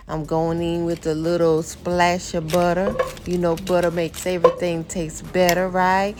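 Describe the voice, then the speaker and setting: A woman's voice: lowish voice, noisy background. A woman narrating her home cooking for viewers in a chatty, casual way, calling them y'all. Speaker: cooking vlogger.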